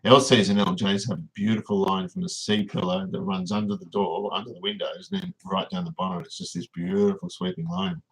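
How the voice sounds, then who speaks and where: A man's voice: low-pitched, level tone, a little fast, hardly any pauses, low-quality recording. An Australian man hosting a casual livestream, rambling and reading viewers' comments aloud as he answers them. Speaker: livestream host.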